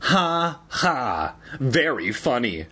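A man voicing a bitter, sarcastic teenage boy in a raised, husky voice. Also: on the high side, sing-song, moderate pace, pitched above the performer's own voice. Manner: sarcastic, whiny.

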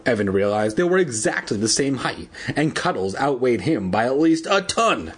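Husky man reading a kids' book aloud. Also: lowish voice, big pitch swings, normal speed, hardly any pauses. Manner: casual, adds joking asides, laughs at his own slips. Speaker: reader. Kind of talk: casual read-aloud of a children's book.

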